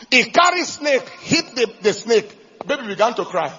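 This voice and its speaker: A high-voiced man preaching a lively sermon, his pitch leaping up and down as he tells stories. His tone has a gravelly edge, and the recording sounds muffled and lo-fi. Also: moderate pace, slight background noise. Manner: animated preaching, bursts into shouts and laughter. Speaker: pastor.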